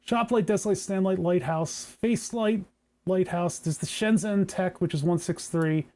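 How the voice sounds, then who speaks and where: Male streamer, higher pitch, casual rambling tinkering talk with wry jokes. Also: measured pace, a little mellow. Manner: rambling, joking, talks to chat while working. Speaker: maker streaming a hardware project.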